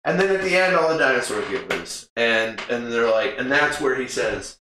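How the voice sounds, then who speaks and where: A rambling, laugh-prone man co-hosting a podcast, recounting a film in loose casual chat with a bright, forceful tone. His voice rings around a very echoey room, and he swears freely as he goes. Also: medium pitch, expressive, moderate pace, slight background noise. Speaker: podcast co-host. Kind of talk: casual movie recap chat.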